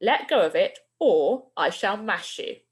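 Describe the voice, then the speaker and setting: Cross little boy, low menacing warning turning to snarls, a lady reading. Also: expressive, a little slow, close to an everyday voice. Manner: soft and dangerous, then snarling. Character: angry young schoolboy in a dress.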